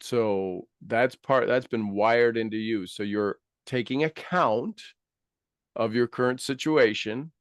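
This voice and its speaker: A man's voice: medium pitch, slow, no room sound, clean studio sound. A man giving a motivational coaching talk, acting out quoted voices and laughing often.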